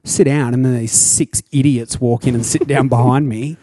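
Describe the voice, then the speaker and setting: A man's voice: medium pitch, fairly even intonation, moderate pace, mellow, a little hiss or hum. A man with an Australian accent, co-hosting a podcast and telling wry stories in a casual chat, laughing often. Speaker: podcast co-host.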